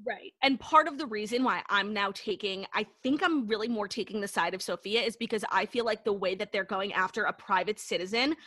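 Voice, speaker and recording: A woman's voice: mid-range voice, pushed and bright, no room sound. A young woman co-hosting a podcast in casual chat, opinionated and blunt, swearing offhand. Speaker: podcast co-host.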